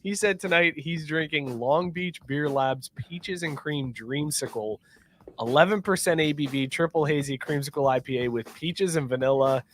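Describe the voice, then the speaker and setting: A man's voice: a little high, moderate pace, a little hiss or hum. A man hosting a casual beer podcast, reading out listener comments and joking along. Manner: lively, reads listener comments. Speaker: podcast host.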